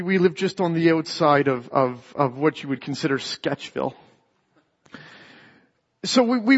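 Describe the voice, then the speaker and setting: A man's voice: high voice, fairly bright tone. A Canadian man giving a sermon in a church, telling a story and often restarting phrases. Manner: storytelling, repeats words when starting a phrase. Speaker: lay preacher. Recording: dull echoey hall sound.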